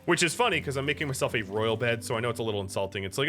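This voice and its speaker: A man's voice: mid-range voice, lively intonation, racing, few pauses, sharp tone, soft background music. An American man from the United States giving casual, chatty commentary while streaming a game, talking to viewers between moves. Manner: chatty, talks to chat and to his pet between game moves.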